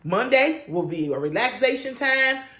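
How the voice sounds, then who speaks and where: A woman's voice: high-pitched, lively intonation, normal speed, a bit bright, roomy sound. A woman minister leading a spirited morning devotion, calling out to her listeners with exuberant call-and-response.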